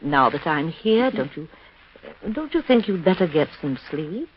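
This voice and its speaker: An actress playing a scheming, sharp-tongued niece who switches between biting scorn and sugary sweetness, in a 1930s radio drama. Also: low-pitched, very animated, unhurried, a little hiss or hum. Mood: falsely sweet. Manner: scornful and biting, sugary when it suits her. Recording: dull lo-fi 1930s radio recording.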